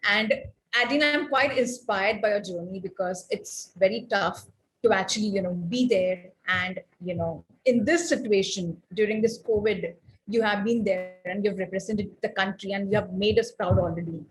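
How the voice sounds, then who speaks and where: A woman hosts an interview over a video call. She talks in a chatty, encouraging way, stringing long questions together. Her voice sits at a middle pitch for a woman. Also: moderate pace, low-quality recording. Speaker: interviewer host. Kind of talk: interview chat.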